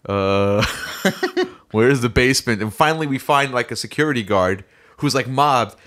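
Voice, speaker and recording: Animated man telling a story. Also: medium pitch, moderate pace. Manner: animated, acts out voices in stories. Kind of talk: casual chat.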